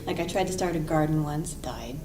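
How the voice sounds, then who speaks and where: A bass player chatting casually in an interview, joking about himself. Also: male voice, a little fast, very noisy. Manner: joking, self-mocking. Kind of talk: casual chat. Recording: echoey room heard from far off.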